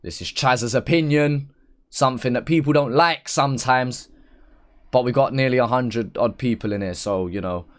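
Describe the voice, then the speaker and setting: A man's voice: medium pitch, normal speed. A man from the United Kingdom hosting a casual reaction video, chatty and thinking aloud as he breaks down rhymes.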